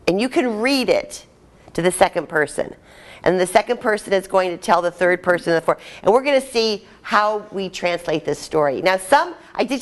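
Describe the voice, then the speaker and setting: A woman trainer leading a live workshop, chatty and upbeat as she directs a group in a room. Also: on the low side.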